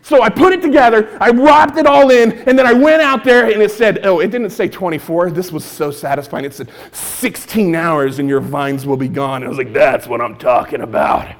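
A male stand-up comedian telling a story to an audience, acting out his own lines and now and then shouting them. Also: high-pitched, a little fast, hardly any pauses.

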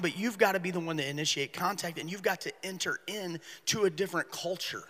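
A man speaking at a ministry workshop, telling stories in an animated way and acting out the people in them. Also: fairly high pitch. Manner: animated storyteller acting out voices. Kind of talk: storytelling talk. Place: workshop hall. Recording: live talk in a hall with long reverb.

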